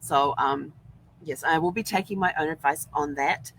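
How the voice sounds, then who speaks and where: A woman's voice: low-pitched, normal speed, fairly bright tone, slight background noise, poor audio. A woman from New Zealand with a New Zealand accent, hosting a casual live-stream chat from inside an RV. She is upbeat and rambling, and she acts out the things she once said. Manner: upbeat, rambling, acts out her own past words. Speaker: vlog host.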